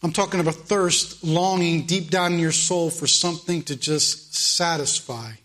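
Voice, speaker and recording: A man's voice: fairly high pitch, moderate pace, fairly bright tone. A male preacher delivering a morning sermon, emphatic and repeating phrases for weight.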